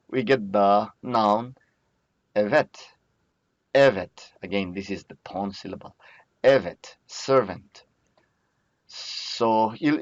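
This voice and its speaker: Man, teacher, very slow pace, patient and repetitive, dull lo-fi recording. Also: on the low side, no room sound. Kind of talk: recorded lecture.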